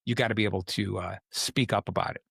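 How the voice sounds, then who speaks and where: A man's voice: on the low side, steady tone, fast, gravelly, a bit bright, slightly rough, dry recording, clean studio sound. A man hosting a podcast, talking through relationship advice in a conversational way and acting out what people say. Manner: conversational, acts out quoted people. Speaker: host. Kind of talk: casual advice talk.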